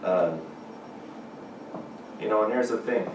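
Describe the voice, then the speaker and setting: A man giving a lively chapel sermon, rising often to excited exclamations, recorded from a distance in a large chapel. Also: lowish voice, slow pace. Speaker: chapel speaker. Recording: echoey hall from far off, background noise.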